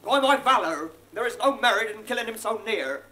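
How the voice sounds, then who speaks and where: Give me a jittery cowardly squire, high and swooping. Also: male voice, expressive, a little fast, bright, forceful tone. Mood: nervous. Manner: fussy oaths, nervous. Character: cowardly country squire, blustering then timid. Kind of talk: stage play audio recording.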